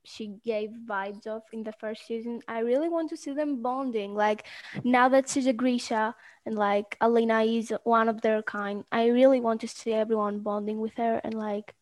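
A woman joining a casual fan chat. She speaks in a measured, earnest way. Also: on the high side, steady tone, darkish tone, dry recording.

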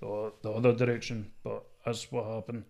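A Scottish man with a deep, strong voice, talking shyly and hesitantly as an interview guest, with many fillers. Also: level tone, moderate pace, creaky, mellow. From Scotland. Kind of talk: casual interview.

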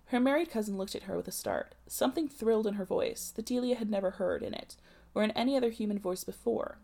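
A woman reading a novel aloud in a measured narrating voice. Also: mid-range voice, vocal fry, mellow. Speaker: audiobook reader.

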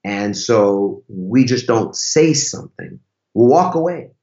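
A man's voice: medium pitch, expressive, takes it slowly, a little mellow. A man who is a podcast guest, speaking in an emphatic, casual way and using rhetorical questions. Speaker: podcast guest, relationship teacher. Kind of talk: casual conversational interview. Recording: roomy, slightly dull sound.

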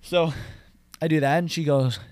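An actor playing a lonesome, boastful cowboy rancher with a Southern drawl, rambling deadpan with tough-guy bravado and swearing. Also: on the high side, moderate pace, no echo, natural voice. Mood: brooding. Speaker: comedy character host. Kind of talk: deadpan comic monologue.

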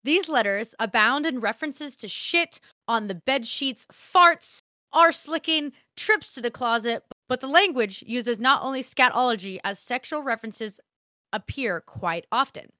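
Woman podcast host, bright higher voice, dry close sound, animated and profane. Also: unhurried, no echo. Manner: animated, profane, laughing banter. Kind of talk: casual podcast chat reading history.

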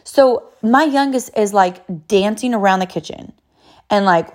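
A woman's voice: on the high side, expressive, unhurried. A woman in her thirties, a mother telling a story about her sons to viewers in a chatty way, full of fillers and quoted voices.

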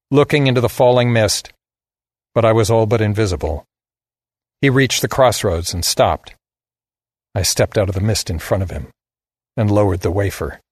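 A man's voice: fairly low pitch, dry recording, clean studio sound. A man giving a scripted narration of a story in a blunt, sardonic manner.

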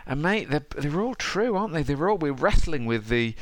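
A man hosting a podcast, enthusiastic and matey, sometimes reading passages aloud slowly. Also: fairly high pitch, very animated, no echo. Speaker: podcast host. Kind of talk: casual podcast conversation.

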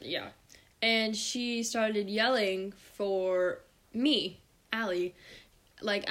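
A woman's voice: mid-range voice, fairly even intonation, drawn-out words, long pauses, fairly bright tone. A young woman co-hosting a casual podcast, telling stories in a giggly, chatty way. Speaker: podcast co-host. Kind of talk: casual chat.

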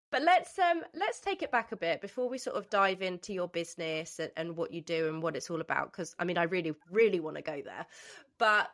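A woman's voice: on the low side, animated, fairly quick, fairly bright tone. Bubbly woman host, nasal with a cold. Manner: bubbly and gushing. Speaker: podcast host. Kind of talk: casual podcast interview.

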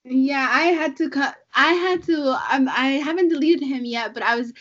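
A woman's voice: high-pitched, normal speed, muffled recording. A woman in casual chat retelling a story, quoting people and swearing in frustration. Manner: animated retelling, quotes people, profane.

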